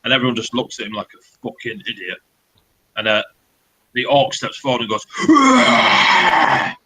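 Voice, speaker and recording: A man's voice: medium pitch, steady tone, brisk, bright, forceful tone, poor audio. A man narrating as dungeon master, loose and sweary, with many fillers. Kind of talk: narrating a tabletop game.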